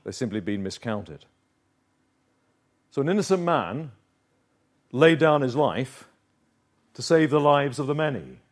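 A man preaching a sermon, earnest and emphatic, slowing down to stress key phrases. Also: medium pitch, very animated.

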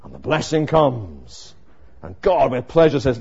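A man preaching an expository sermon, dramatic, moving from hushed lines to emphatic ones. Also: medium pitch, big pitch swings, measured pace, gravelly, slightly rough. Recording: muffled lo-fi sermon recording.

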